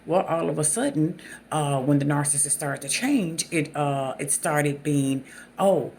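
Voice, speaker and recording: Gravelly Southern-accented host, halting speech. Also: mid-range voice, darkish tone, slight background noise. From Southern United States. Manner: halting, with many fillers and restarts. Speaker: channel host. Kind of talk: unscripted talk to camera.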